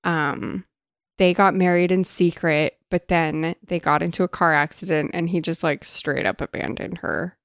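A woman co-hosting a podcast, animated and swearing freely while discussing a book. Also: fairly low pitch, moderate pace, no echo, clean studio sound.

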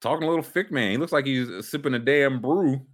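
A man's voice: medium pitch, brisk. A man co-hosting a casual sports podcast, joking and slipping into mocking voices for his bits. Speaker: podcast co-host.

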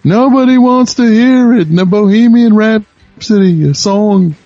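A man imitating a snide, loud male record-company boss in a shrill, exaggerated, sneering voice. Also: measured pace, no room sound, dull audio, faint music behind.

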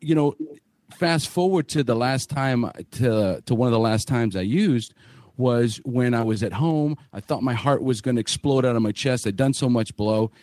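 A man's voice: medium pitch, normal speed, darkish tone, no echo. Podcast man, candid and blunt, swears freely, dry close mic. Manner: candid, swearing, many fillers and restarts. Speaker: podcast host. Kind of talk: casual podcast story.

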